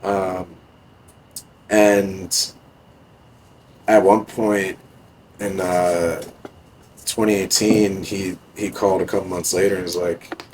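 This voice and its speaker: A man's voice: low voice, level tone, slow pace, long pauses, darkish tone, slight background noise, poor audio. A young man, a podcast guest, telling stories in a laid-back, casual way, swearing often and using many fillers. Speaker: podcast guest, music producer. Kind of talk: casual storytelling.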